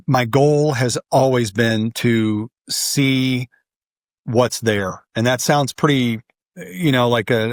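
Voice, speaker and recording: A man's voice: medium pitch, no echo, studio quality. A man in his forties, a podcast guest, talking casually and rambling, with many filler sounds. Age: 40s. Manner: relaxed, rambling, many ums. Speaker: guest, artist and podcast host. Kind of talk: casual conversation.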